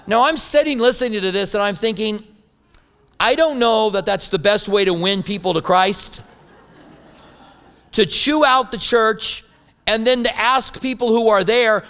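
A man's voice: high-pitched, brisk, a bit bright, clear, resonant tone. A man preaching a sermon as a pastor, telling stories with humorous asides. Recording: long hall reverb.

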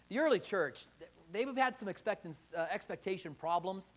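A man preaching a sermon, acting out quoted prayers in lively voices. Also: high-pitched, normal speed. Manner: animated, acts out quoted prayers. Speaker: pastor.

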